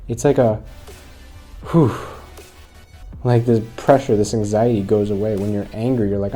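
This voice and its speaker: A man's voice: medium pitch, steady tone, brisk, pauses often, dark tone, faint music behind. A man hosting a channel who talks earnestly to his viewers, retelling a story to make a point. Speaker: host. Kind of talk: motivational commentary.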